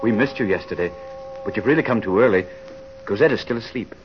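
An actor playing an earnest, gentle young husband in an old-time radio drama, speaking earnestly. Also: male voice, on the low side, fast, dull audio, noisy background, lightly acted. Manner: earnest, stammering when shaken.

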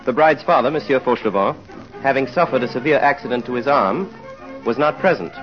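A man's voice: medium pitch, animated, fairly quick, muffled recording, soft background music. A man giving formal scripted narration for an old-time radio drama. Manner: formal, storytelling.

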